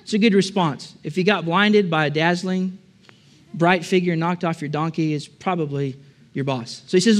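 Male preacher, high voice, conversational sermon building to emphatic repeated phrases. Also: moderate pace. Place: church with a balcony.

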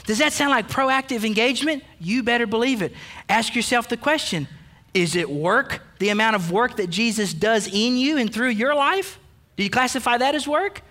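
High, bright-voiced preaching pastor. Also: male voice, lively intonation, normal speed. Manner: emphatic, preachy, addresses men directly, playful asides. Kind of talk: sermon. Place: church sanctuary.

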